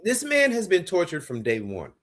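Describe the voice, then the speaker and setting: A man co-hosting a podcast, loud and emphatic, swearing as he argues about a show. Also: sits high, wildly swooping pitch, moderate pace. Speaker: podcast co-host. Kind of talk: casual show review chat.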